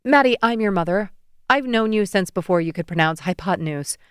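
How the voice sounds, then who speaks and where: A woman voicing a caring, fussing middle-aged mother on the phone, brisk and gently teasing. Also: mid-range voice, expressive, clean tone, dry recording, clean studio sound, close to an everyday voice. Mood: motherly.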